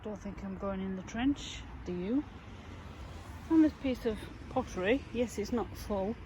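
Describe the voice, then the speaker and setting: Yorkshire lady vlogging outdoors, chatty and excitable, talking to herself as she digs, a little outdoor noise. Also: mid-range voice, a little slow, rough recording. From England. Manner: chatty, easily excited, talks to herself and viewers. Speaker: metal detecting vlogger. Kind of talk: casual talk to camera while digging. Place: outdoors in muddy fields.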